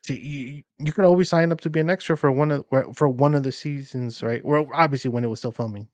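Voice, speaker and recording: Brief: laid-back male co-host, mid pitch, rambling delivery, dry close mic. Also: fast talker, darkish tone, dry recording. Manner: loose, rambling, lots of fillers. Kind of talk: casual chat.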